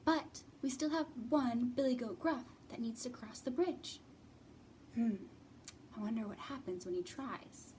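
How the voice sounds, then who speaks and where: A woman's voice: high-pitched, unhurried, warm tone, a little hiss or hum. A woman leading a children's storytime as librarian, talking in an encouraging singsong way, recorded from a distance.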